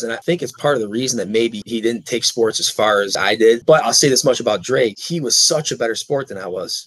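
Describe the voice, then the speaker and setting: A man's voice: medium pitch, dry recording, low-quality recording. A middle-aged man talking earnestly in an interview, rambling a bit and repeating words as he restarts. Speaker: guest, car dealership owner. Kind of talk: casual interview talk.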